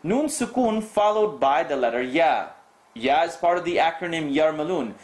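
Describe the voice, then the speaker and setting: A man teaching Quran recitation rules, reciting verses and repeating sounds slowly to correct students. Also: fairly high pitch, animated, echoey room. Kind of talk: tajweed lesson with recited demonstrations.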